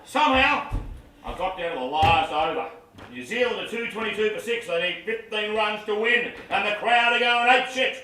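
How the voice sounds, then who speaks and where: A man's voice: high-pitched, animated, normal speed, sharp tone. Man doing a fed-up, worn-out cricket captain. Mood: exhausted. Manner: weary, exasperated, swearing. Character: worn-out grumpy male cricket captain, middle-aged. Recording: roomy live stage, distant mic, noisy.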